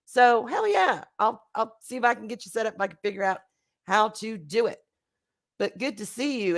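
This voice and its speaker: A woman hosting a casual livestream, hoarse and congested from a recent flu, chatty and laughing as she greets her chat. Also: fairly high pitch, expressive, normal speed. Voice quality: nasal, congested. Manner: chatty, laughing, swings between loud bursts and quiet asides. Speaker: livestream host. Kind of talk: casual chat reading live chat.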